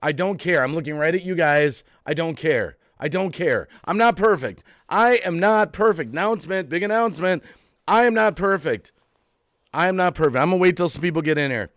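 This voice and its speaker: An agitated man rants on his live stream, his voice sitting a little high for a man. He repeats himself and swings from low mutters to loud outbursts. The sound is dry and close, with no room in it. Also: animated, brisk, dry recording. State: agitated, heart racing. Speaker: YouTube channel host. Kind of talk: emotional live-stream rant.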